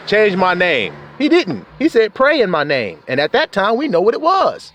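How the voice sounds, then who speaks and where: A man's voice: sits high, huge pitch swings, normal speed, hardly any pauses, fairly bright tone, slight background noise. A man preaching in a casual, emphatic way, cursing freely and chuckling often. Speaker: religious teacher. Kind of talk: informal preaching rant.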